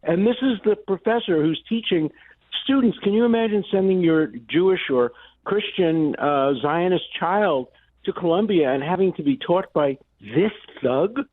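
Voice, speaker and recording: An older man, a law professor guest on a phone-in interview, speaking forcefully and indignantly, with emphatic repetitions. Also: sits high, moderate pace, no room sound. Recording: dry tinny phone line.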